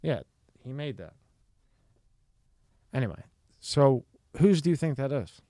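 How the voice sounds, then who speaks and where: A man's voice: medium pitch, expressive, unhurried, mellow, no room sound, clean studio sound. A man in casual chat, blunt and profane, who keeps asking questions and tells his own stories.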